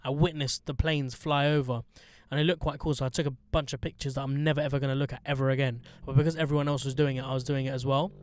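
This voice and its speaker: A man's voice: medium pitch, flat delivery, fast talker, hardly any pauses, darkish tone, no room sound. A man hosting a podcast, chatting in a blunt, joking, sweary way with lots of slang. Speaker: podcast host. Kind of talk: casual chat.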